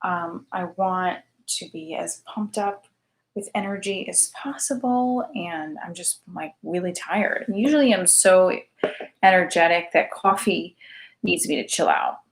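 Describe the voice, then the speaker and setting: A woman's voice: fairly low pitch, measured pace. A woman in her thirties hosting a casual late-night livestream show, chatty and self-deprecating and sounding tired. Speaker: show host.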